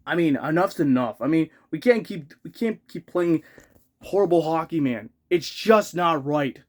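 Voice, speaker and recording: A man's voice: fairly high pitch, expressive, normal speed. A man ranting as a hockey fan in a vlog, exasperated, repeating himself and swearing in rising outbursts.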